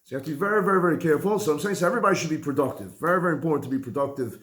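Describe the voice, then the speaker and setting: Rabbi guy lecturing, kinda high voice, bouncy chatty delivery, roomy echo. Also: very fast. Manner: animated, conversational, mixes Hebrew and Yiddish terms. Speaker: rabbi teaching a halacha class. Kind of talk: Torah class lecture. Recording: echoey room.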